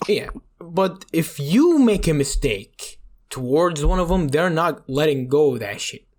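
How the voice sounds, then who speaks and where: A man's voice: fairly high pitch, sing-song, a little slow. Rambling young man venting on a podcast. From Iraq. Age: young adult. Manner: rambling storyteller, swears a lot, leans on "you know". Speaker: podcast co-host. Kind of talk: casual chat.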